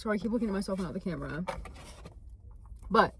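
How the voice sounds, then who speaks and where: A woman's voice: mid-range voice, animated, fast talker, slight background noise. Bubbly, gushing young woman vlogging. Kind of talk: casual vlog chat to camera. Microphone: phone camera.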